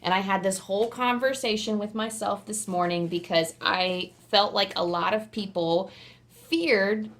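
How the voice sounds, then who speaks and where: This woman's medium-pitched voice runs a touch slow as she chats through a casual pick-a-card tarot reading to camera. She rambles, leans on "like" as filler, and now and then lets out an excited squeal.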